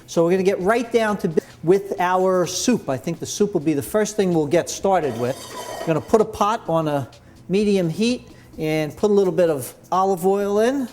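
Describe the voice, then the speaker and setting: A cooking instructor leads a kitchen demonstration, chatty and enthusiastic, heaping praise as he explains each step. His voice sits high with a darkish tone, at normal speed.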